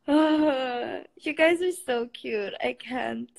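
A woman's voice: sits high, takes it slowly, creaky, darkish tone. A young woman hosting a live stream from her phone, chatting with fans in an emotional, giggly and teary way. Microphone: phone, video call.

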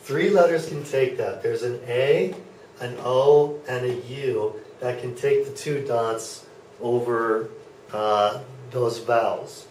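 A man lectures slowly and patiently to a classroom, pausing often to check that his students follow along. He is caught by a camera at the back of the room, his voice distant and ringing off the walls, with a faint hum of room noise underneath. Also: mid-range voice, darkish tone. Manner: patient, checks in with frequent okays. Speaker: German teacher. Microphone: far camera. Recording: echoey classroom from far off.

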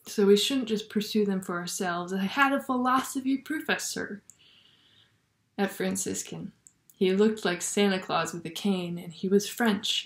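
A Catholic video blogger, a woman with a mid-range voice, offers a spiritual reflection slowly and thoughtfully, never rushing. Her voice sometimes drops to almost a whisper, and the recording has a clear roomy echo.

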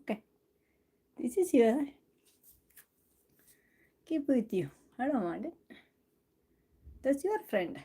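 Woman host, high mellow voice, affectionate live-stream chat. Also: sing-song, slow pace, long pauses, breathy edge. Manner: doting, affectionate, laughing often. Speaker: cooking channel host. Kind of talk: casual live stream chat to her cat.

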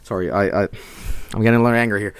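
A Swedish man, a native Swedish speaker from Sweden, streaming a game live with excitable, profane commentary and frequent laughter. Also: lowish voice, very fast, clear, resonant tone, no room sound.

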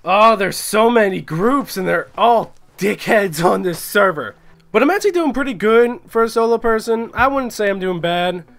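A young man giving casual, excitable gameplay commentary, swearing and chatting with other players. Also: high-pitched, normal speed. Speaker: gaming YouTuber.

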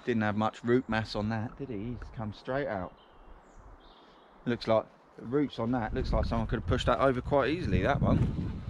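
Out walking his dogs in the woods on a windy day, a man talks casually to his viewers, drifting from one thought to the next. He speaks at normal speed in a steady, medium-pitched voice. The handheld camera picks up wind and outdoor noise.

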